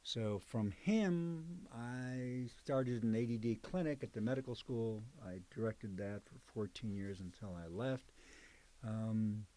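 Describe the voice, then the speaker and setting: A man's voice: on the low side, takes it slowly, mellow. Older man telling stories conversationally. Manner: conversational, digressive storyteller with fillers. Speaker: psychologist and professor. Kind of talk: oral history interview.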